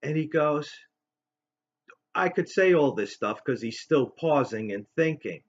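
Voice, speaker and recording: A man in his fifties hosting a show, telling a personal story in a halting, rambling way full of fillers and restarts. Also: on the high side, expressive, highs cut off. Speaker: host.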